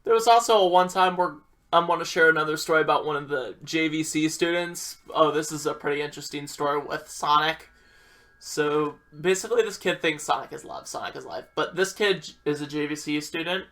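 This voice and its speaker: A man's voice: fairly high pitch, brisk, a bit bright. A young man telling a rambling, profane storytime about his school days and acting out what people said. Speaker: vlogger.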